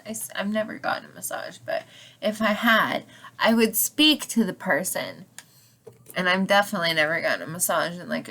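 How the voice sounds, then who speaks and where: A woman's voice: on the low side, vocal fry, fairly bright tone. A young woman rambling through a personal story, packed with "like", swearing freely and sometimes dropping almost to a whisper. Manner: rambling, lots of "like", swears freely, drops to near-whispers at times. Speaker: channel host telling a story. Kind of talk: casual storytelling vlog.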